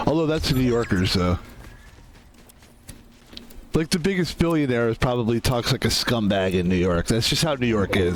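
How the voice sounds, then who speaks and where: A male streamer talking through his game in a loose, rambling way, breaking into jokes and laughs. His pitch swings around a lot as he talks, and there is faint background ambience. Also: lively intonation, moderate pace, pauses often, a little hiss or hum. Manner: rambling, laughing, joking asides. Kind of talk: casual gameplay commentary.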